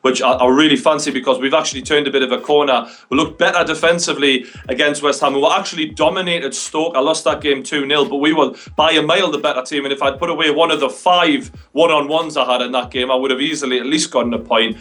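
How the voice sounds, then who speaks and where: Quick-talking guy on a voice call, cheeky banter with his mates. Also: fairly high pitch, fairly even intonation, a bit bright. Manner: teasing, matey banter. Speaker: guest on call. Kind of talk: casual banter over a voice call.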